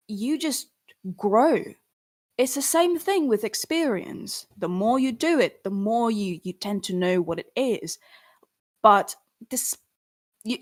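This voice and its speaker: A young adult woman speaks in a relaxed, conversational way. She is earnest and encouraging, like a singer cheering on her listeners. Her pitch sometimes jumps up when she gets animated. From Philippines. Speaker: singer and artist answering fans. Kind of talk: casual livestream chat.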